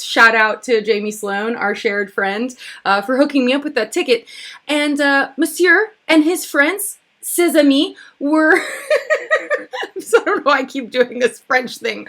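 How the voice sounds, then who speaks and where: A woman hosting a livestreamed talk show in a giggly, excitable, rambling way. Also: fairly high pitch. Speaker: host.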